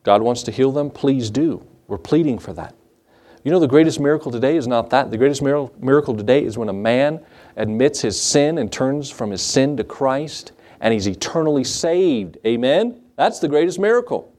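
A male pastor in mid-sermon, talking casually with his congregation rather than lecturing. He keeps tossing questions out to them and slips into little acted voices for the people in his stories. His voice sits at an ordinary middle pitch for a man. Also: expressive, normal speed, a little mellow. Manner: conversational preaching, asks the congregation questions and acts out Bible scenes.

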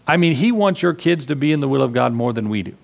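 Male preacher, gravelly voice, casual conversational sermon, acts out little scenes. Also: mid-range voice, expressive, quick pace. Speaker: pastor.

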